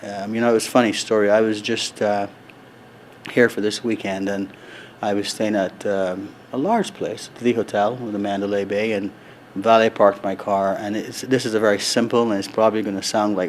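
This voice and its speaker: A middle-aged man with a fairly low voice, talking in an earnest, measured way and often restarting his sentences. Faint background noise sits under his voice. He sounds like an executive answering questions in a casual interview. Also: fairly even intonation. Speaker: resort executive, interview guest. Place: convention floor.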